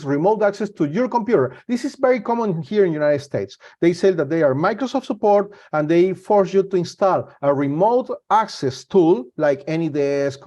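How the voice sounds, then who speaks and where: Higher-voiced man presenting a security webinar. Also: a little mellow, dull audio. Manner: halting, repeats and restarts words. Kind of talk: live webinar talk.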